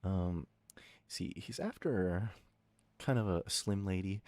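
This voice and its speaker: A male streamer chatting casually with his viewers, swinging from loud outbursts to low mutters and swearing freely. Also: slow, no echo. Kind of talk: casual livestream chat with viewers.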